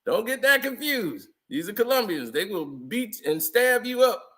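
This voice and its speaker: A man with a high, bright voice talks loosely over old photos. He chuckles often and tells stories in easy slang, like casual vlog commentary. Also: big pitch swings, moderate pace. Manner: chatty, laughs often, loose slangy storytelling. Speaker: vlogger.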